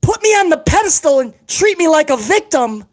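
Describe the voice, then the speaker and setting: A man's voice: very high voice, very animated, brisk, voice pushed up. A man putting on a comedic impression of a whining, pleading male wrestling executive who plays the victim. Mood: whiny. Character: whiny, self-pitying male wrestling executive.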